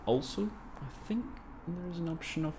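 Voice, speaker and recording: A man with a Russian accent, a game developer thinking aloud with many pauses and fillers as he plays on a casual livestream. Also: a little high, lively intonation, background noise. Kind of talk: casual livestream gameplay commentary.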